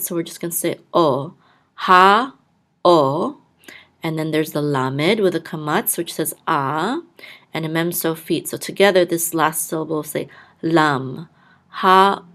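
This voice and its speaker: A woman hosting a podcast, patiently teaching a reading lesson, sounding out syllables one by one and repeating each word. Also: sits low. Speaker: podcast host and Hebrew blessing teacher. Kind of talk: slow step-by-step reading lesson.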